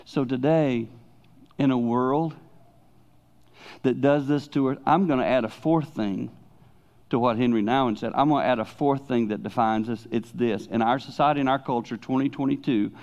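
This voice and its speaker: Older male preacher, mid-pitched, emphatic and then hushed in turns, on a dull lo-fi recording. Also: normal speed. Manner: animated preaching, swinging between loud emphasis and hushed asides. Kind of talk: sermon.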